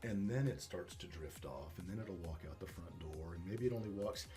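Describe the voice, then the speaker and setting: Man, dog trainer, low voice, animated storytelling, casual swearing, faint music behind. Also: normal speed. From Northwest Arkansas. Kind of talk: casual interview.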